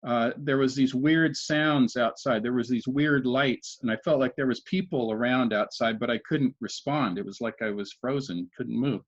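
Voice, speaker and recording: A man's voice: medium pitch, normal speed, hardly any pauses. A man in his sixties, a podcast guest, earnestly recounting events step by step in conversational storytelling, often restarting his sentences. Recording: dull lo-fi audio.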